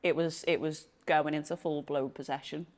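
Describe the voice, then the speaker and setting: A woman's voice: sits low, steady tone, moderate pace, darkish tone. A woman, a podcast guest who tells her stories casually and with animation, acting out the people in them. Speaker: podcast guest, spiritual practitioner. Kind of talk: casual storytelling in an interview.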